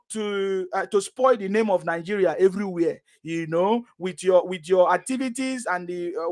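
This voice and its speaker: A man with a high-pitched voice lectures his caller insistently. He repeats his points and presses hard on questions. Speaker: host. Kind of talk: heated live discussion.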